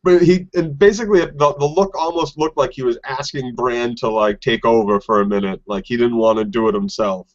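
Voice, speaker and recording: A man's voice: medium pitch, fairly quick, few pauses, muffled recording. A man co-hosting a casual recap podcast, chatty and jokey, chiming in with comments. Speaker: podcast co-host.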